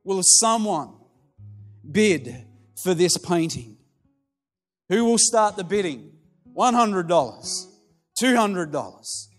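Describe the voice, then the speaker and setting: A man voicing a persistent male auctioneer who keeps calling for bids in a measured, insistent way. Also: high voice, sing-song, pitched above the performer's own voice, heavily acted. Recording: long hall reverb with soft music.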